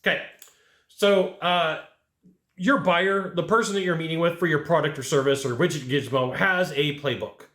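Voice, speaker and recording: A man coaching salespeople in an animated way, acting out his customers' lines as he goes. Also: a little high, normal speed. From California. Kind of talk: energetic coaching monologue. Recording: roomy echo.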